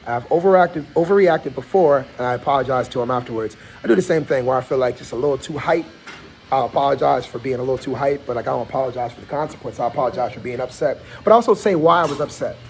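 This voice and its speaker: A man's voice: medium pitch, fast, a little mellow, a little hiss or hum. A man hosting a casual livestream from a barbershop, chatting and reading out viewers' comments. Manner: talkative, reads out chat comments. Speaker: livestream host.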